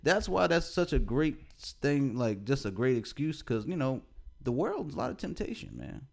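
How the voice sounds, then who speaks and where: Man, podcast co-host, relaxed casual talk, laughs a lot, repeats himself. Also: mid-range voice, normal speed, vocal fry. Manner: laid-back, laughs often, repeats phrases. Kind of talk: casual chat.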